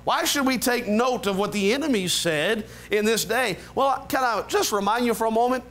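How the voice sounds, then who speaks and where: A man preaching a sermon as pastor, with quiet prayer passages and rising, emphatic build-ups. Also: normal speed, faint music behind. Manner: leads a quiet low prayer. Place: church sanctuary.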